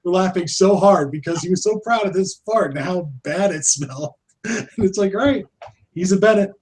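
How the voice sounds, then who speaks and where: A man's voice: high-pitched, normal speed, darkish tone, a little hiss or hum. A man hosting a casual podcast panel, telling family anecdotes through easy laughter. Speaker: host.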